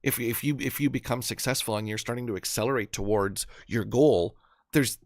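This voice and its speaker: A man's voice: mid-range voice, fairly quick, no echo, studio quality. A man hosting a live stream, giving an earnest motivational talk full of stories and restarts. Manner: earnest, storytelling, many restarts. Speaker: host.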